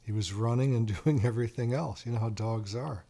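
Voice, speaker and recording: This middle-aged man has a warm mid-range voice touched with vocal fry. Playing a doctor on his call-in radio show, he keeps things chatty with casual stories and says the phone number slowly, more than once.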